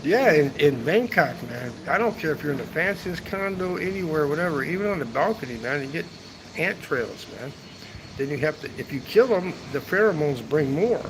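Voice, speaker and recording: A man's voice: a little high, lively intonation, moderate pace, background noise. A man chatting casually on a travel livestream from a hotel rooftop, rambling and swearing, ending his sentences with "man". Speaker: travel vlogger. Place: hotel rooftop seating area, outdoors.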